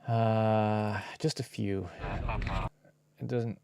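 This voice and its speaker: Here the streamer's voice is fairly low, dark and creaky, with very little pitch movement and a very slow pace, captured clean with no echo. Chatting casually with live viewers while he edits, he mutters, now and then whispers, and curses in an easygoing manner.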